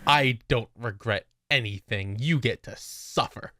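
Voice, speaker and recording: A man's voice: medium pitch, measured pace, pushed and bright, slight background noise. A man co-hosting a podcast in casual chat, joking and sometimes breaking into mock voices. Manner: jokey, jumps into squealing mock voices. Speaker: podcast co-host.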